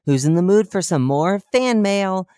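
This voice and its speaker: A cheerful, oblivious male radio host, put on by a horror-story narrator, rattling off chatty broadcast patter with deadpan dark jokes. His voice sits in an ordinary middle pitch. It is recorded close and dry, with no room sound. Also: measured pace, dry recording, lightly acted. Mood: chipper. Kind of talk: horror fiction reading.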